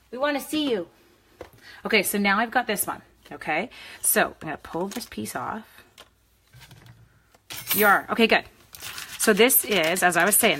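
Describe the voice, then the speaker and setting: A woman's voice: mid-range voice, pushed and bright, slight background noise. A woman hosting a live card-making demo, chatting with viewers by name as she works. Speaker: crafting demonstrator.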